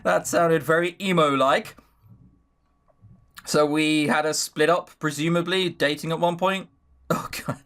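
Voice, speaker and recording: A man's voice: fairly high pitch, fairly even intonation, a little slow, long pauses, a bit bright. A young man hosting a let's play, reading a visual novel and making sarcastic, jokey comments about it. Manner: sarcastic, jokey, giggles at the story.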